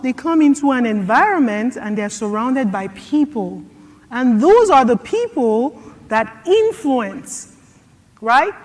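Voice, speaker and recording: A middle-aged woman, a guest speaker answering questions at a conference, earnest and telling stories. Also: a little high. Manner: earnest, storytelling with lively quoted asides. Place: conference hall. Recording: hall reverb.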